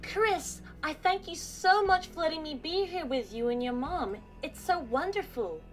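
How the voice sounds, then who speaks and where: A woman voicing a gentle, eager young goat boy who talks softly and squeals when excited. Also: high voice, moderate pace, soft background music, pitched above the performer's own voice, exaggerated voice. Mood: delighted.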